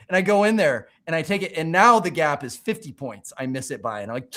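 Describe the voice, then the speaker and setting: A man hosting a livestream, telling stories in a casual, animated way, often restarting his sentences. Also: fairly high pitch, fast. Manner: animated, rambling storytelling with many restarts. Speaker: livestream host.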